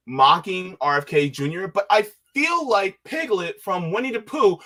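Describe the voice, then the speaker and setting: A man's voice: high voice, lively intonation, normal speed, hardly any pauses, sharp tone. A man hosting a casual political livestream, exasperated and sarcastic, reading out viewer comments and reacting. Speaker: host of a political stream.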